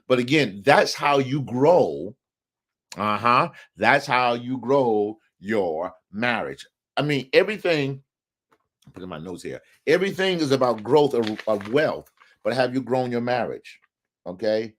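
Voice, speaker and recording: A man's voice: medium pitch, animated, unhurried, fairly bright tone. A man hosting a live relationship show, talking emphatically and often asking the viewers questions. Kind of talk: live talk on marriage, preacher-like.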